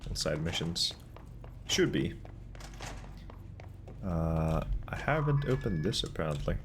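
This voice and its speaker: A man with a deep, low voice talks slowly through a game stream, relaxed and dryly sarcastic as he muses to himself. A faint hiss sits under his voice. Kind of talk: casual gameplay commentary.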